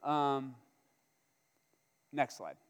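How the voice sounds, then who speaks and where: A pastor with a medium-pitched, clear and resonant voice preaches very slowly, telling the story with humor. He acts out the characters' lines in an animated way, and the recording carries a long hall reverb.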